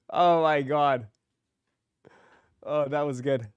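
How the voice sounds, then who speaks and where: Homem de voz nítida, fala lenta. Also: male voice, a little high, expressive, drawn-out words, long pauses, smooth, no echo, studio quality. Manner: laughs often, playful reactions. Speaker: livestream host. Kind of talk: casual live reaction chat.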